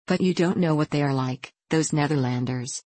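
A woman's voice: low-pitched, moderate pace, mellow, no room sound, rough recording. A woman reading an audiobook, voicing a proud young male mill owner with a dry, ironic manner. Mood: wry.

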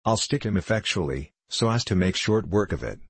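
A man with a very low, husky voice reading the lines of a gentle, earnest young working man in a storybook. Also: animated, brisk, no echo, full character voice. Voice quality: earnest, pleading.

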